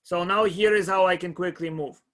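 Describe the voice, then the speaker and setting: A man giving a live calculus lecture to a class, pausing often, repeating words and checking that students follow. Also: sits high, fairly even intonation, fairly bright tone. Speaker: math lecturer.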